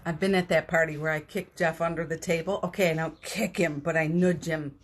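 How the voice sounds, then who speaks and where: Woman, spiritual talk host, gentle, candid, teary, husky, lowish pitch. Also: fairly even intonation, brisk. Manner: gentle, candid, reads viewer comments aloud. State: teary, emotional. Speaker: host of a spiritual morning show. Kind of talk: live-streamed spiritual talk.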